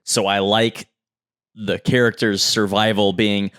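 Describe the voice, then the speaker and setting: A man with a fairly low voice talks through his thoughts on a casual podcast. He meanders and restarts, leaning on filler words as he works toward his point. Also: level tone, measured pace, a bit bright. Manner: meandering, thinking aloud with many fillers. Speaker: podcast co-host. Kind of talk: casual chat.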